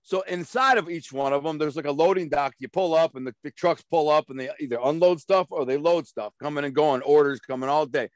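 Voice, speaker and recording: A Detroit man, a guest in a casual interview, tells blunt, streetwise stories, rambling, repeating words, and acting out quoted voices. His fairly high voice is brisk with few pauses, recorded dry at studio quality.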